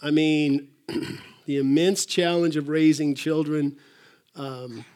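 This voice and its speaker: A man's voice: on the high side, steady tone, slow, a little mellow. An older man preaching a sermon in a church, folksy and rambling, with fillers and restarts. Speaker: pastor.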